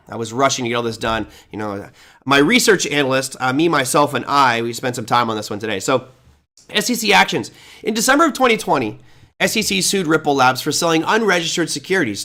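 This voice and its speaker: A man hosts a live finance show with pointed, sarcastic commentary. His voice sits a bit high, and he leans hard on key words while working through his notes. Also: lively intonation, brisk, sharp tone. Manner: sarcastic, emphatic, reads along from notes. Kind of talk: opinionated market commentary.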